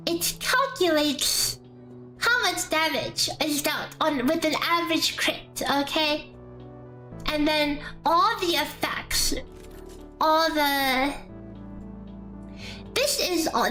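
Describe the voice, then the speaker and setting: A woman with a high, bright voice talks slowly through a game calculator on a casual live stream. She rambles in a chatty way, tossing in playful asides. Soft background music plays under her. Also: low-quality recording. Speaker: streamer explaining a damage calculator. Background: faint background music.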